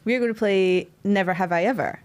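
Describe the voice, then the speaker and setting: A woman's voice: mid-range voice, fast talker, smooth. Young woman, podcast co-host, chatty anecdotal storyteller. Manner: chatty storyteller, acts out quoted voices. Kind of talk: casual chat.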